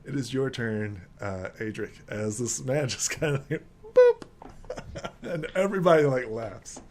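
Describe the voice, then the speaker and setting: A man's voice: mid-range voice, unhurried, a little hiss or hum. A man running a tabletop game as game master, narrating casually with lots of fillers and laughter.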